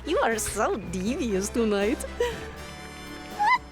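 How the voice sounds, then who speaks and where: A woman's voice: a little high, huge pitch swings, slow pace, over music, exaggerated voice. A bubbly devil girl. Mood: playful. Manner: playful, teasing. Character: bubbly, mischievous young female devil girl.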